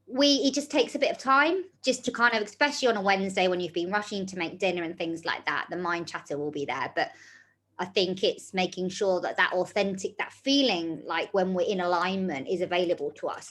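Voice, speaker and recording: A woman's voice: lowish voice, a little fast, fairly bright tone. Chatty encouraging woman coach. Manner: chatty, encouraging, many fillers. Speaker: wellbeing group coach. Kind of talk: leading an online group session.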